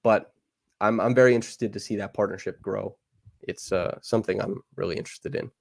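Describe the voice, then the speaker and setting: A man with a fairly low voice talks through basketball tactics with quick, eager energy, piling on casual fillers as he goes. The sound is dry and close, with next to no room around him. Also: fairly even intonation, gravelly, darkish tone, no room sound. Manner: fast, enthusiastic breakdown with fillers. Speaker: podcast host. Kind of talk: casual basketball analysis chat.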